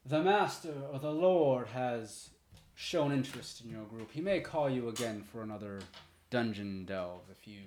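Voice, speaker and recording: A man's voice: mid-range voice, expressive, moderate pace, a little mellow, close to an everyday voice. A man voicing a practical male guard giving warnings and news, in a roomy space. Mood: matter-of-fact. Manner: matter-of-fact. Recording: roomy echo.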